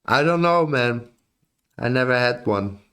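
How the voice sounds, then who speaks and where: A man's voice: medium pitch, animated, unhurried, bright, forceful tone, clear, resonant tone. A European man streaming live, chatting casually and joking with his viewers in a laid-back, drawling way.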